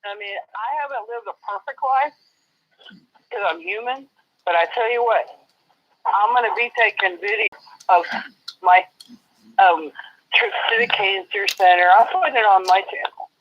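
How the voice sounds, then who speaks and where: Woman caller, muffled phoney audio, pretty even and matter of fact. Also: medium pitch, moderate pace, pauses often, a little hiss or hum. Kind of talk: call-in conversation. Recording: muffled phone-line call.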